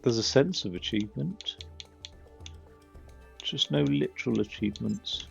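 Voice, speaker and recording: A man's voice: medium pitch, animated, measured pace, creaky, soft background music. A man giving casual, rambling gameplay commentary with chatty, self-mocking asides on a slightly dull, lo-fi mic. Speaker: gaming channel host.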